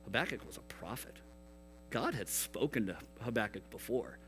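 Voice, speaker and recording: A man preaching a youth sermon in an earnest manner, swinging between hushed and emphatic. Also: mid-range voice, very animated, moderate pace, faint music behind, rough recording. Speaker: youth pastor.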